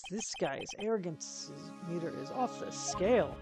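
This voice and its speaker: A woman's voice: fairly low pitch, expressive, moderate pace, music in the background, close to an everyday voice. Phoenix Wright, read by a woman, wry. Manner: wry, dry inner remarks. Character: young male defense attorney, wry and doubtful.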